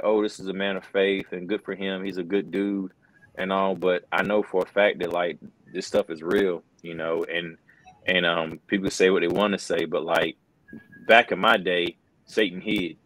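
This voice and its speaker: With a low voice that is fairly bright but flat in delivery, a middle-aged wrestling commentator tells a story at a moderate pace. The recording is dry and poor. It's a loose, earnest interview, peppered with "bro" and "man."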